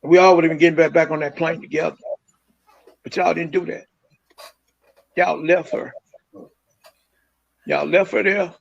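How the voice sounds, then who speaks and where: Gravelly father on a muffled phone line. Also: a little high, level tone, moderate pace, pauses often, slight background noise. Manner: firm, repeats lines for emphasis. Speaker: caller, grieving father. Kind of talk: phone call on a livestream.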